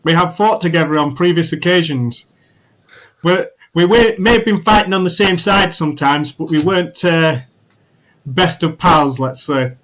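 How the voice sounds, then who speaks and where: A man narrates his moves casually at a tabletop role-play game, relaxed and loose with fillers, his voice a little higher than average. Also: moderate pace.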